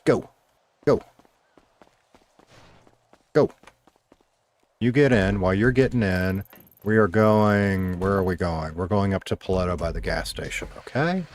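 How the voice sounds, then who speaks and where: A man's voice: low voice, dry recording. Laid-back middle-aged male streamer. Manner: laid-back, talks to chat, swears casually. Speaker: streamer, former radio DJ. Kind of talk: casual game stream chat.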